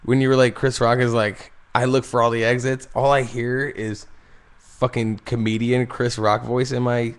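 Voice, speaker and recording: A man's voice: mid-range voice, level tone, normal speed, smooth. Crude interrupting male co-host. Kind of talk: casual chat.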